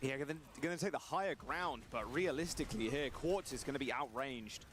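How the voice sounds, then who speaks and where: A man's voice: medium pitch, fairly quick, noisy background. A man calling the action in an esports match, following the plays and reacting as they happen. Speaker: esports play-by-play caster. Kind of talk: esports play-by-play commentary.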